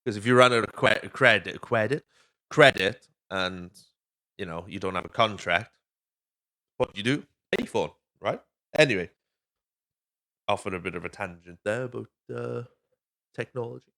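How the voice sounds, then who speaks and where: A man's voice: on the low side, normal speed, gravelly, long pauses, sharp tone. A Welsh man hosting a podcast, casually rambling through a film recap, swearing freely and acting out lines. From Wales. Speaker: podcast host. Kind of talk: casual movie recap monologue.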